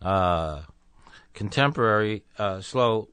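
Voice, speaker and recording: Slow, deliberate man with a bright voice. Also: lowish voice, expressive, smooth, no room sound. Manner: slow, deliberate, halting with many pauses and fillers. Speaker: guest comedian. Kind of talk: casual interview chat.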